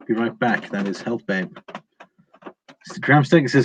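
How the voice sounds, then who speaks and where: On dull, lo-fi audio with a faint hiss, a man chats casually on a live stream. He speaks at a measured pace in a mid-range voice, reading viewer comments out loud and replying with frequent fillers and restarts.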